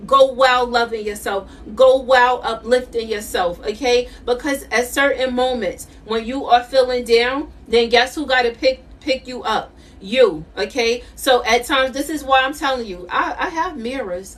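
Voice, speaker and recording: A woman's voice: high-pitched, fairly bright tone, recorded from a distance. A middle-aged woman doing a live tarot reading, emphatic and repetitive, laughing often. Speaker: intuitive tarot reader.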